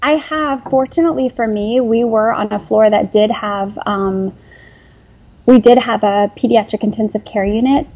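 A woman's voice: medium pitch, a little mellow, lo-fi sound. A woman in her forties, a former nurse and company founder, talking earnestly in an interview, rambling with restarts and fillers. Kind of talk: emotional interview conversation.

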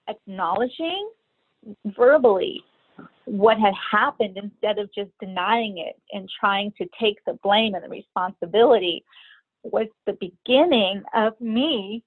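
A middle-aged woman, a guest, candidly shares a personal story, hesitant and full of pauses and fillers. Her medium-pitched voice comes over a tinny, phone-like line that is dry with no echo.

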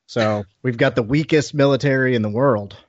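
An American man co-hosting a casual podcast, making deadpan jokes. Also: mid-range voice, normal speed, dry recording, dull audio. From United States. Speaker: podcast co-host.

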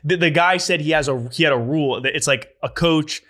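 A man's voice: fairly high pitch, a little fast, fairly bright tone. A young man hosting a podcast in casual chat. He laughs often and tells stories loosely. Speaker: podcast host.

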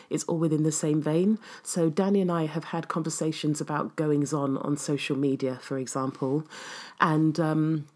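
A woman's voice: low voice, a little mellow. A woman wellness coach answering viewer questions in a casual, reflective and earnest way, with frequent ums. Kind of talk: casual live Q&A.

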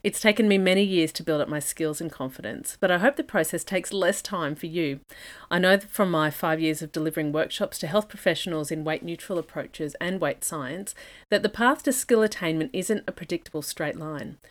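A woman gives a scripted podcast lesson in a slightly low voice. She is measured and methodical and works through her points one list item at a time, like a professional educator. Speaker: dietitian and podcast host.

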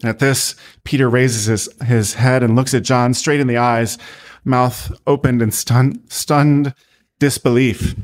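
A man, a priest, narrating a sermon as a slow, deliberate story. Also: medium pitch, flat delivery.

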